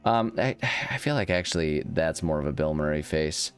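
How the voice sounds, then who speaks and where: A very low-voiced man talks casually through a video game, rambling and restarting as he thinks aloud. He is self-deprecating about his own choices, and faint guitar music plays underneath. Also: moderate pace, smooth. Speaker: let's-play host. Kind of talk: casual gameplay commentary.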